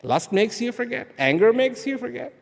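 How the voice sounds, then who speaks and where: A man giving a live spiritual talk to an audience, firing rhetorical questions and repeating key words, swinging between loud emphasis and hushed asides. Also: very high voice, very animated, moderate pace, vocal fry. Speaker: speaker addressing an audience. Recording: long hall reverb.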